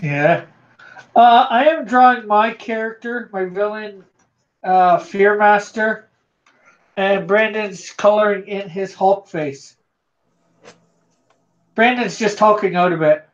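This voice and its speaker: A man hosting a live drawing stream, reading viewer comments aloud in a halting way, with many fillers. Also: sits high. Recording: dull lo-fi stream audio.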